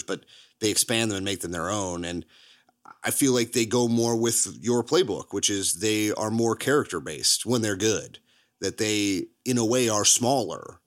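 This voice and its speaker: A man co-hosting a podcast, chatting casually about movies, laughing often and jumping high in pitch for emphasis. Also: fairly bright tone. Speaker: podcast co-host.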